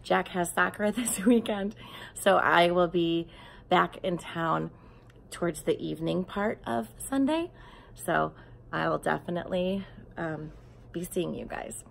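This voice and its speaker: Gentle gravelly-voiced woman, soft whispers. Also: on the low side, a little slow, a little hiss or hum. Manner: gentle and tender, often dropping to a soft whisper. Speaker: aunt speaking to grieving nephews. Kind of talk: reading a storybook aloud, then a heartfelt message.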